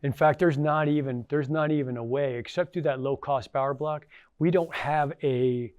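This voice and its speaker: A man's voice: on the high side, steady tone, moderate pace, a little mellow, clean tone, no echo. Middle-aged guy spinning folksy stories to a crowd, dry close sound, loose and chatty. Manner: folksy, anecdotal, frequent fillers. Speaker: presenter and former tribal council member. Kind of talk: casual storytelling talk to an audience.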